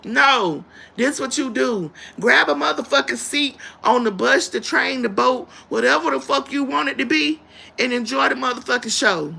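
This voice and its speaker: A woman rants on her own livestream, blunt, confrontational and full of profanity. Her voice sits high and sounds bright and edgy, with a gravelly fry running through it. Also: normal speed. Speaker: livestream host. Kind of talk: ranting live-stream commentary.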